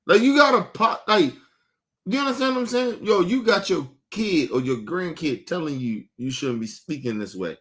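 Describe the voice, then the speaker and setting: Streaming from a home studio, this thirtysomething podcast host keeps the chat casual and full of swearing, animatedly voicing quotes as he spins his stories. His voice sits high and moves at normal speed.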